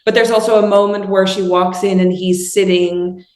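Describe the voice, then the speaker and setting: A woman with a Dutch accent talks as a guest in an interview, thoughtful and unhurried, often reaching for the right English word. Her voice sits at a middle pitch. The room around her rings with noticeable echo. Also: flat delivery, a little mellow. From Netherlands. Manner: thoughtful, searching for words, frequent ums. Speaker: filmmaker guest. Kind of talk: casual interview conversation.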